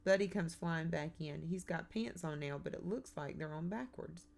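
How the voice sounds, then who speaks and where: Low, gravelly woman narrating a story. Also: normal speed, few pauses, darkish tone. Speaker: audiobook narrator. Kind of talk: first-person audiobook narration.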